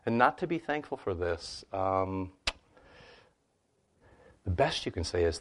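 A man answering questions about scripture in a conversational teaching style, animated and full of "you know" and "right?" asides. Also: low voice, slow, long pauses, noisy background.

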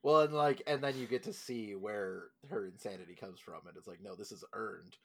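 A man talking casually about a film, tossing out quick jokes and asides. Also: fairly low pitch, gravelly, a bit bright. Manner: joking, quick asides, laughing between points.

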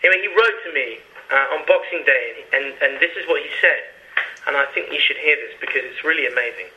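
A man's voice: a little high, lively intonation, fast talker, bright, forceful tone. A man from England, a musician guest on a phone interview, talking earnestly and rambling with frequent restarts. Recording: phone line, lo-fi.

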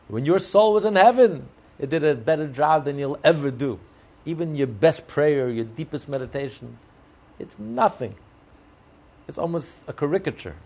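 A man's voice: medium pitch, a little mellow, a little hiss or hum. A man teaching a Torah class with emphatic, repeated rhetorical questions and occasional chuckles.

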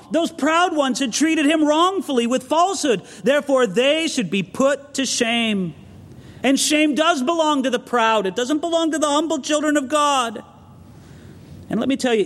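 A male pastor with a notably high voice delivers an earnest expository sermon, breaking into stories and personal asides. His words ring out through a church sanctuary with a long trailing reverb. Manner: earnest, preacherly, storytelling with asides. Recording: long reverb of a large hall.

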